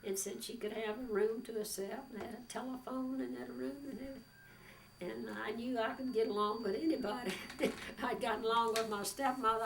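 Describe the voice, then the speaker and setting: An older woman telling a rambling, folksy story about her past, with frequent pauses and fillers. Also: on the high side, steady tone, gravelly. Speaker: oral history interviewee. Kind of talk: storytelling reminiscence. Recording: distant mic with faint background noise.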